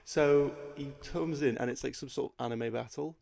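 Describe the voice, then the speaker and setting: A man's voice: medium pitch, normal speed, creaky, darkish tone, no room sound, clean studio sound. A man co-hosting a casual podcast chat, telling playful made-up scenes. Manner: spins playful storytelling scenes. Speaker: podcast co-host.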